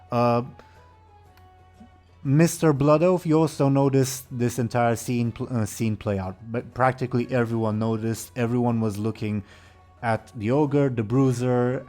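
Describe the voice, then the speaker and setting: A man's voice: mid-range voice, a little mellow. A man narrating a tabletop game as game master, casual and laughing often.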